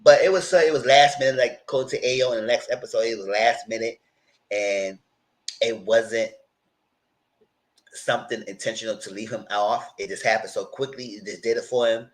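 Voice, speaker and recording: In poor-quality audio, a man with a medium-pitched voice talks at normal speed while recapping and reviewing a reality TV episode. He's chatty and animated, using informal, conversational phrasing and retelling scenes by voicing what people said.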